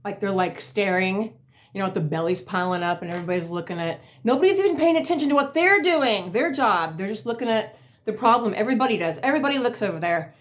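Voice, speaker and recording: A woman's voice: mid-range voice, animated, fast. A woman casually telling funny work stories on her vlog, rambling with lots of fillers and laughing at herself. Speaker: vlogger. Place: at home in a chair.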